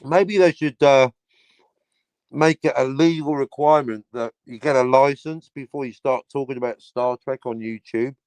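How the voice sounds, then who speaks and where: A man's voice: medium pitch, fairly even intonation, moderate pace, few pauses, a little mellow, clear, resonant tone, no room sound. A man hosting a casual livestream, talking in a sardonic, sweary way and slipping into mock announcer asides. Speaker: livestream host.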